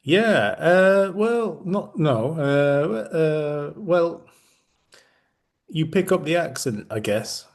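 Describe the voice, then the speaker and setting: A man's voice: a little high, lively intonation, drawn-out words. A middle-aged man from Yorkshire co-hosting a casual podcast chat, rambling and restarting his sentences often. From Yorkshire, England. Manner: rambling, with frequent restarts and repeated words. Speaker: podcast co-host.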